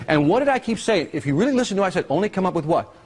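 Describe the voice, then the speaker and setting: Lively man teaching a live seminar. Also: high-pitched, rapid-fire, husky. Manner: energetic, keeps quizzing the audience. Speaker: workshop presenter. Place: seminar room with live audience.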